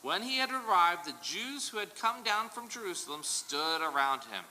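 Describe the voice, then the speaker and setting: A man teaching a casual Bible study in a church hall, animated and digressive with joking asides. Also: high-pitched, moderate pace. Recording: reverberant hall, faint noise.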